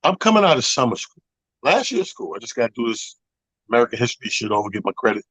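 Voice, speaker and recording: A man co-hosting a radio talk show, telling a profane, animated story in casual chat. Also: medium pitch, fast talker, breathy edge, no echo, poor audio. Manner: animated, profane, acts out other people's voices. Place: radio studio. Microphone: studio microphone.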